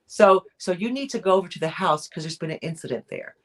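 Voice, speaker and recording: A woman's voice: on the low side, lively intonation, fast. A woman co-hosting a weekly chat, telling a true crime story in a casual, rambling way, with lots of fillers and restarts. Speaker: co-host of a weekly chat show.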